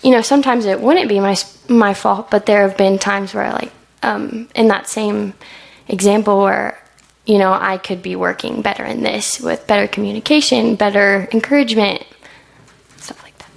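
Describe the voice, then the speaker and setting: A woman's voice: mid-range voice, steady tone, moderate pace, gravelly. A young woman, a student, answering questions about her senior thesis in a chatty, hesitant way, full of likes and ums, often acting out what she would say. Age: young adult. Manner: chatty and hesitant, many likes and ums, acts out quoted lines. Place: school room with an audience.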